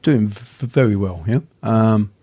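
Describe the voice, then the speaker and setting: A man's voice: fairly low pitch, unhurried, mellow, dry recording. An older man, a martial arts teacher telling stories as a guest in a casual interview, often stammering on the first sounds of words.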